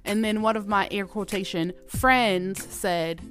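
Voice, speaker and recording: A woman hosting a podcast, telling a personal story in a casual, profane way that turns loud and heated. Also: medium pitch, fairly even intonation, measured pace, soft background music. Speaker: podcast host.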